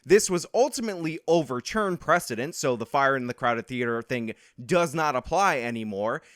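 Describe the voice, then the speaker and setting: A man's voice: mid-range voice, expressive, normal speed, a bit bright, dry recording, clean studio sound. A man hosting reaction commentary, combative and sarcastic as he lectures. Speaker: political commentary host.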